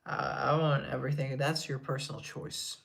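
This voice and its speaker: A man's voice: mid-range voice, level tone, moderate pace, vocal fry, fairly bright tone. A man on a casual live stream, reading chat aloud and answering, now and then dropping into whispered asides.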